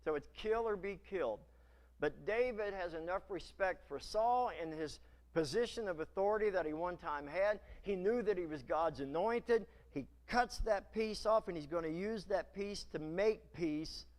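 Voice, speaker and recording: A male pastor with a notably high speaking voice, preaching in a church. He retells scripture with dramatic, animated storytelling, often jumping louder for emphasis. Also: moderate pace. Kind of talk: sermon.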